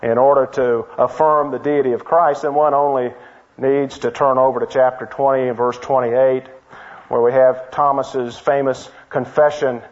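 A pastor delivering a measured, explanatory expository sermon, teaching verse by verse. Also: male voice, medium pitch, steady tone, lo-fi sound.

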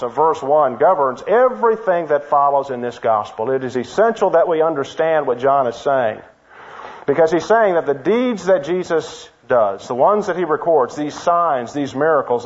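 A pastor delivering a measured, explanatory expository sermon, teaching verse by verse. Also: male voice, a little high, highs cut off.

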